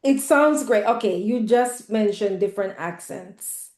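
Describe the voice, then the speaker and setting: A woman's voice: medium pitch, a little slow, a little mellow. A woman hosting an interview, probing her guest and rephrasing her questions as she goes. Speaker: interviewer host. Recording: echoey room.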